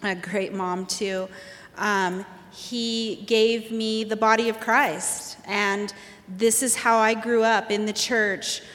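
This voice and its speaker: A woman's voice: medium pitch, fairly even intonation, slow, a bit bright. A woman telling her personal testimony in a candid storytelling manner with fillers. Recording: long hall reverb.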